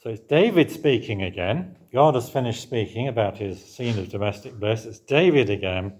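A man's voice: mid-range voice, a little mellow. A man preaching a sermon in a conversational way, asking the congregation questions and answering them himself.

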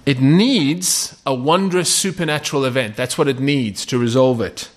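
A man's voice: medium pitch, normal speed. A man preaching a sermon in a conversational way, often checking in with "okay?" and asking rhetorical questions.

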